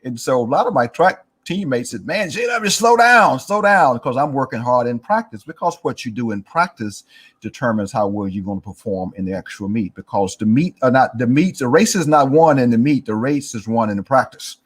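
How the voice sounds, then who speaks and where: A man's voice: medium pitch, a little fast, slightly rough. A man in his sixties from East Texas, a guest telling a story in an interview and acting out the voices of people he quotes. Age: 60s.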